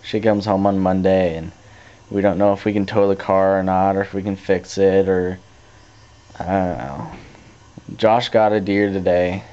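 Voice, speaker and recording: A teenage boy casually telling a story to his camera, rambling with restarts and growing animated as he retells it. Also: low-pitched, normal speed. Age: teens. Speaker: vlogger. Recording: dull lo-fi camcorder tape audio.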